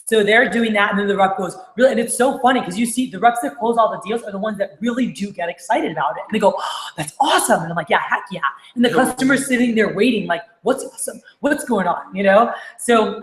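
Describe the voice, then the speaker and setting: Upbeat woman teaching a sales team, keeps acting out phone calls, medium pitch, echoey room. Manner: energetic, acts out calls in quick quoted voices. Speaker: sales manager training managers. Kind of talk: motivational sales training talk.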